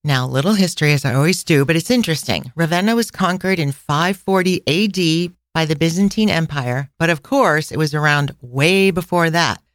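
A middle-aged woman co-hosting a casual travel podcast, chatty and quick to laugh, recorded close on a studio mic. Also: low-pitched, no echo. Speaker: podcast co-host and travel planner.

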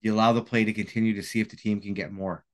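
A man's voice: on the low side, flat delivery, very fast. A man co-hosting a casual sports podcast, talking in a conversational way, often hedging with "like" and "right?". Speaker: podcast co-host.

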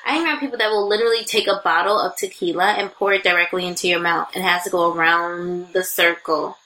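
A woman co-hosting a podcast, telling stories in an animated, laughing way while tipsy from drinking. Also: on the low side, quick pace, rough recording. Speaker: podcast co-host. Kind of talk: casual chat.

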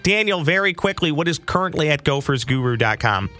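A man hosts a casual sports podcast, talking in a bright, forward voice with an easy, friendly manner. He has a slight morning huskiness, and faint music sits under his talk. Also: a little high, animated, a little fast. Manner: friendly, conversational, upbeat sign-off. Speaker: podcast host.

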